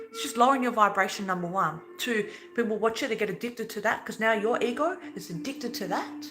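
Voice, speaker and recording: A woman's voice: mid-range voice, fast, hardly any pauses, music in the background, low-quality recording. A woman giving an earnest, preachy spiritual talk in a casual way, swearing now and then. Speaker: spiritual vlogger.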